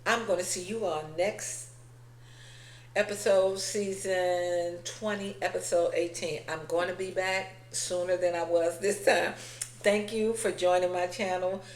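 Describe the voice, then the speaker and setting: A woman's voice: lowish voice, fairly even intonation, a little slow, echoey room, poor audio. A woman giving a blunt, sassy, casual recap of a reality TV episode, acting out the quoted lines as she goes. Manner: sassy, blunt, retells scenes with quoted voices.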